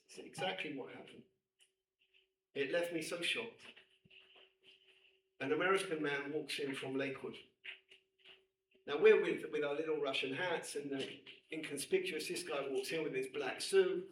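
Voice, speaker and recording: A middle-aged man, a rabbi, lecturing women students and telling a personal story with emphatic, animated delivery. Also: a little high, moderate pace. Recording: echoey room, distant mic, faint noise.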